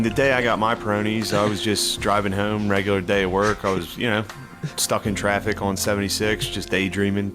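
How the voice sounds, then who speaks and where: A man playing a guy giving a rambling, deadpan testimonial in a comedy ad sketch. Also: fairly low pitch, lightly acted. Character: Philly guy telling a bent-dick ad testimonial. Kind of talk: comedy ad sketch played from a podcast. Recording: played back with music behind.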